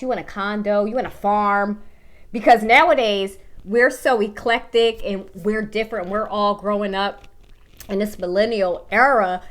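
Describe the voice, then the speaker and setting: A woman in her thirties giving casual dating advice straight to the viewer, blunt and full of swearing. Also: a little high. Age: 30s.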